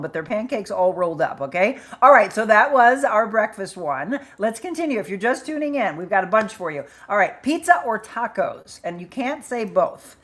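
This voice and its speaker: A woman hosting a live chat show, upbeat and chatty as she reads out viewers' comments and names. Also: on the low side. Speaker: livestream host.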